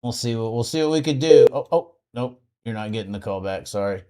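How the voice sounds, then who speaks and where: A man's voice: medium pitch, animated, a little fast, warm tone. A man hosting a live stream, teasing his guest and callers in a joking, casual way. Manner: teasing, joking, laughs often. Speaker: host.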